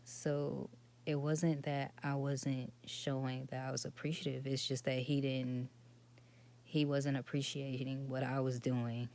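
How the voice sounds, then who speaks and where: Woman doing a storytime vlog, quiet and kinda whispery, raspy fry in her voice, pretty monotone. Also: a bass voice, a little slow. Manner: soft, subdued and often breathy, trailing into near-whispers. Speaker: vlogger. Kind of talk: personal storytime monologue.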